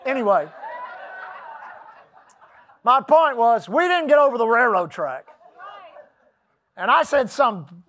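A man's voice: very high voice, big pitch swings, slow pace, pauses often, a bit bright. A middle-aged man preaching a sermon, telling a personal story in a folksy, emphatic way with asides to the congregation. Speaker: pastor.

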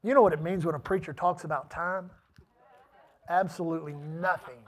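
High-voiced preacher man, emphatic sermon. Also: steady tone, normal speed. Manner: emphatic, swinging between shouted peaks and hushed asides; calls for audience responses.

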